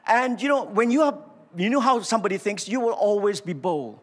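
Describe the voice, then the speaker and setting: A man's voice: sits high, fairly quick. An older man with a Malaysian English accent preaching a sermon, acting out dialogue and calling on the congregation to respond. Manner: animated storytelling, acts out dialogue, asks congregation to respond. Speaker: pastor. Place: large church auditorium. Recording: reverberant church hall.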